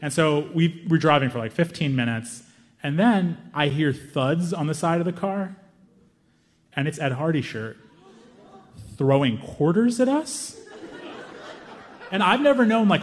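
Young male comic, story-driven set, animated and self-deprecating, slightly high voice. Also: big-room sound. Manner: animated, self-mocking, quick asides. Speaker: stand-up comedian. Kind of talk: stand-up storytelling.

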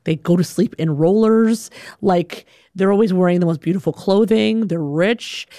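A young woman from Alabama telling a funny personal story in an animated, conversational, self-deprecating way. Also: on the low side, moderate pace, dry recording, studio quality. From Alabama, USA. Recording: music playing underneath.

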